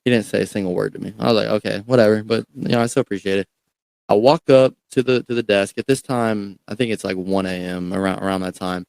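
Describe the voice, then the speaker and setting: Young man telling a story, low voice. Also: quick pace, vocal fry, dry recording. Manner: animated, profane, repeats words. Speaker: podcast guest. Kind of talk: casual storytelling.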